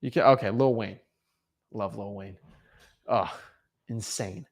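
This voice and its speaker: A young man giving casual motivational advice as a real estate coach, animated, often repeating and restarting words. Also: lowish voice, slow pace. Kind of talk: casual motivational vlog talk.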